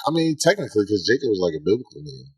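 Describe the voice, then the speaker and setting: A man's voice: lowish voice, racing, husky, no echo, studio quality. A man in his thirties with kids, co-hosting a podcast, joking and swearing as he tells stories in casual chat. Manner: joking, profane, animated storyteller. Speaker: podcast co-host.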